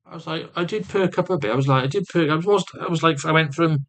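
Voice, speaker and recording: A man's voice: a little high, fast talker, a bit bright. A man vlogging with rambling personal storytelling, swearing constantly and restarting often.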